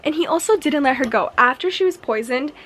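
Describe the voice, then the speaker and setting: A young woman filming a casual reading vlog, gushing and excitable, full of "like" asides, recorded on a camera mic at home. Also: high-pitched, a little fast. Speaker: book vlogger.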